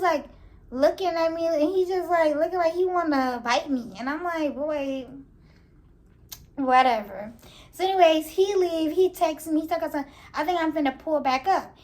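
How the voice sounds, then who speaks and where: Young female vlogger, high-pitched, animated casual storyteller. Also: normal speed. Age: young adult. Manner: animated, laughing, slangy storytelling.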